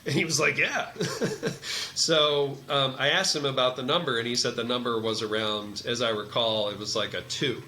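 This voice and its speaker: A man with a medium-pitched voice speaks at a moderate pace over slight background noise. He's a meditation teacher who also works as a massage therapist and energy healer, and he tells a story in casual conversation, animatedly acting out the quoted dialogue as he goes.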